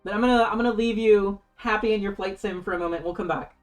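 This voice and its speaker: Woman game master, excitable and casual, faint music underneath. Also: medium pitch, fast talker. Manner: excitable, casual, swears freely. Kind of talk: running a tabletop game on a stream.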